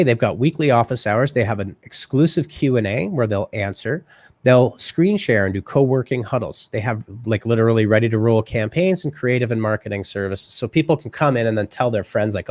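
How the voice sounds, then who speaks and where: Guy hosting a live web show, quick casual talk, keeps saying right, dry mic. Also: medium pitch, animated, a little mellow, no room sound. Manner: fast, casual, says "right?" a lot. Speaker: host. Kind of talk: live marketing show chat.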